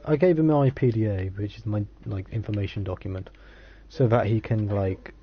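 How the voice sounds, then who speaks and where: A man's voice: fairly low pitch, normal speed. A young man hosting a casual gaming session, swearing and laughing as he plays and reads game text aloud. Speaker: gamer hosting a let's play. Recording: muffled lo-fi audio.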